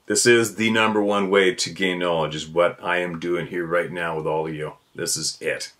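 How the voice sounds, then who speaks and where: A podcast host delivers a fired-up, blunt ranting monologue on his own show, cursing freely and circling back to the same points. His low voice is steady and a bit bright, at a normal speed.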